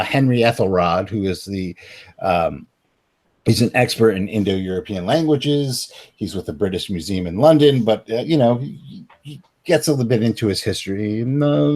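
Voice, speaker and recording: A man at a tabletop game, speaking in character as a refined, polite scholar in a halting, drawn-out way. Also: on the low side, darkish tone.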